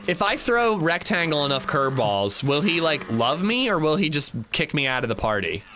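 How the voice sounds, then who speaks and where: A man's voice: a little high, very animated, normal speed, few pauses, pushed and bright, faint music behind. A man streaming a survival game, chatting casually and joking with his viewers. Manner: joking, chatty, talks to chat. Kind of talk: casual livestream commentary.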